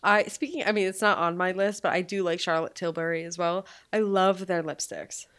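A woman's voice: lowish voice, steady tone, brisk, fairly bright tone, smooth. A young woman co-hosting a podcast, chatting casually, laughing often and swearing freely. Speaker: podcast co-host. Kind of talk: casual chat.

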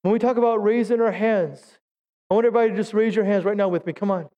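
A middle-aged man leads a Pentecostal sermon in a church, pitching his voice high as he urges the congregation to answer him. He breaks up the exhortation with jokes at his own expense. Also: steady tone, fast, highs cut off. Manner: exhorting, calls for audience response; self-deprecating humor. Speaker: pastor. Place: church sanctuary.

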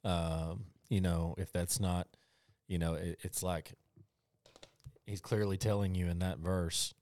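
A man's voice: sits low, little pitch movement, slow pace, darkish tone, no room sound, clean studio sound. A man co-hosting a casual faith talk, rambling and hesitant.

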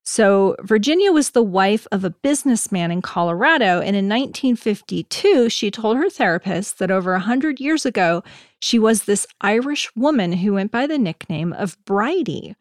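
A woman's voice: medium pitch, animated, normal speed, no echo, studio quality. Woman telling stories on a podcast. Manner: storytelling, laid-back with fillers. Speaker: podcast host. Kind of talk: casual podcast chat.

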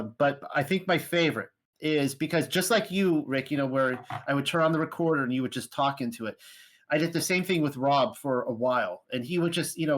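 A man hosting an interview podcast, telling stories in a rambling, animated way with lots of fillers. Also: fairly high pitch. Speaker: podcast host. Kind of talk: casual conversational interview.

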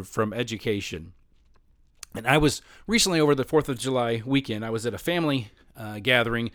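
A mid-range male voice, recorded dry with studio quality. He teaches middle school choir and casually tells personal stories, rambling and correcting himself with frequent restarts, and he gets animated when quoting other people.

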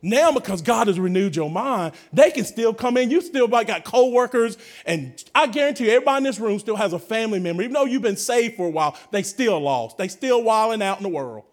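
High-voiced preacher. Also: male voice, brisk, few pauses. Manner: energetic preaching with sudden shouts and hushed drops, calls to the congregation. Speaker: pastor. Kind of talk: sermon.

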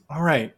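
A man narrating as game master of a tabletop game, relaxed and often chuckling. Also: mid-range voice, slight background noise.

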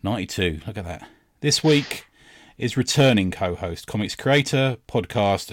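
A low-voiced chatty podcast host man. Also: brisk, dry recording. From England. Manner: chatty, jokey, trails off with fillers. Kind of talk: casual chat.

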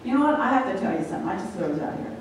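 Speaking rapid-fire in a mid-range voice full of big pitch swings, a woman gives a casual sermon and repeatedly quizzes her congregation. The recording comes from a distant mic in a very echoey hall, with faint room noise underneath.

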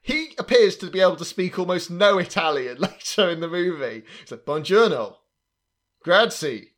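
A man's voice: high-pitched, brisk. Chatty man recapping a film, laughing. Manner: animated, laughs often, trails off and restarts. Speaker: podcast co-host. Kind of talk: casual movie recap chat.

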